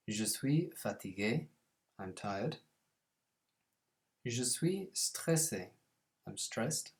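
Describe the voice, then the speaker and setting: Guy teaching basic french, says the french bits slow n clear then explains. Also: lowish voice, darkish tone. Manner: slows down and stresses French phrases, then explains them plainly. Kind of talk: scripted language lesson.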